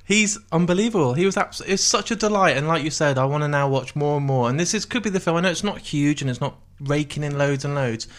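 A man co-hosting a podcast, chatting excitedly about a film and laughing often as he talks. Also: on the high side, fast, few pauses. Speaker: podcast co-host. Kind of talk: casual film review chat.

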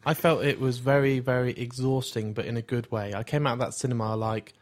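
An enthusiastic man co-hosts a casual film chat in a mid-pitched voice. He jokes around, swears freely, and piles up examples as he builds his point. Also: flat delivery, a little fast. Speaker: podcast co-host.

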